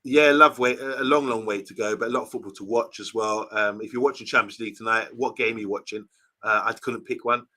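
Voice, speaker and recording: A man co-hosting a football fan livestream in casual chat, animated and acting out imagined conversations. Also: on the low side, quick pace.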